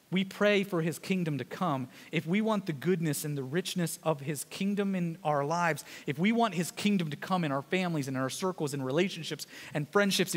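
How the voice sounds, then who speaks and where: A man pastor preaching a sermon in a fast, conversational way, with joking asides to the congregation. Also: fairly high pitch, big-room sound.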